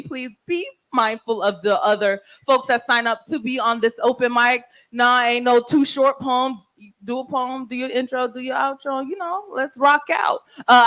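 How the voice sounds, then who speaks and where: A woman's voice: on the high side, fairly bright tone, poor audio. A woman hosts a live open mic from a venue stage, speaking into a handheld mic. Her delivery is brash and playful, full of teasing and crowd-hyping. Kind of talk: live event hosting.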